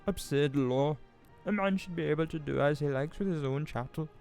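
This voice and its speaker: A man reading a fantasy novel aloud in a relaxed, casual way, stumbling over words now and then. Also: a little high, normal speed, gravelly, soft background music. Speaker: audiobook reader. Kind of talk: casual audiobook reading with asides.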